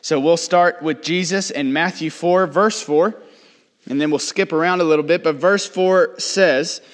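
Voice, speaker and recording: Man preaching in a reverberant hall. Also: a little high. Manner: animated, acts out quoted people, teasing. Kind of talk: sermon.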